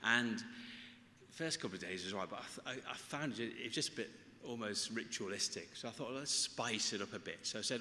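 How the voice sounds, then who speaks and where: A man preaching with a forceful, ringing delivery, earnest and emphatic as he stops and restarts his phrases. His voice carries a long reverb from a large, echoey room. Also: on the low side, a little fast. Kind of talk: sermon.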